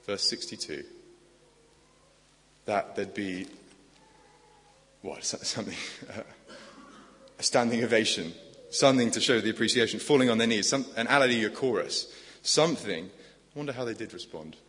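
A man preaches with a fairly low voice. He is earnest and conversational and keeps asking his listeners rhetorical questions. His voice carries a long, echoing church reverb. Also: moderate pace, long pauses, a bit bright, slight background noise. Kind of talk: sermon.

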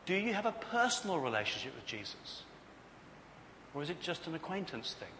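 A man preaches with an animated, storytelling delivery and acts out the voices of people in his stories. His voice is bright and sits a little high, and his pitch swings widely. The sound echoes through a large hall with faint noise behind it. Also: brisk. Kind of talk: sermon.

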